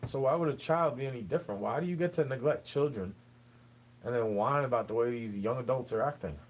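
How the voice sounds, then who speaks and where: A young man with a mid-range voice talks a little fast, addressing the listener in a wandering, aggrieved monologue rant that keeps circling back to "bro." The recording is rough.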